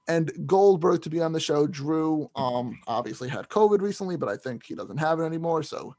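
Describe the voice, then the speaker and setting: A young man co-hosts a casual wrestling podcast, his voice sitting a little high. He rambles, restarts sentences and fills gaps with ums. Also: animated, a little fast, few pauses, a little mellow. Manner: rambling, many fillers and restarts. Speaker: podcast co-host.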